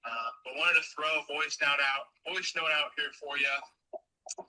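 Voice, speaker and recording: A man's voice: a little high, measured pace, bright, forceful tone, rough recording. A man leaving an easygoing voice note on his way to work, sometimes searching for words. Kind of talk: casual voice message.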